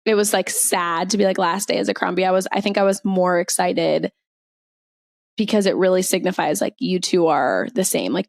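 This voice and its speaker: A young adult woman co-hosting a casual podcast, talking in a relaxed, conversational way with lots of fillers. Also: medium pitch, dry recording, clean studio sound. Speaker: podcast co-host. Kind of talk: casual chat.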